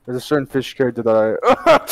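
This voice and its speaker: A man's voice: medium pitch, gravelly, dry recording, poor audio. A man trading crude jokes with friends over voice chat while gaming, yelping and groaning at the action. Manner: joking, yelping and groaning in play. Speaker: gamer in a voice chat.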